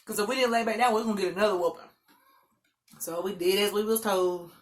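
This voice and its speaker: A woman vlogger telling a story in a loud, animated, dramatic way. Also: mid-range voice, fast. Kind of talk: casual storytelling.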